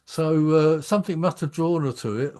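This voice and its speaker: A man chats in a relaxed, conversational way, often pausing on fillers. His voice sits fairly high for a man. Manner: conversational, hesitant, lots of fillers. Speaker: radio host. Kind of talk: casual chat.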